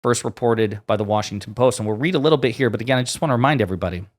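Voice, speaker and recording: A man's voice: mid-range voice, very fast. A man hosting online political commentary, reading quotes aloud and adding blunt sarcastic asides.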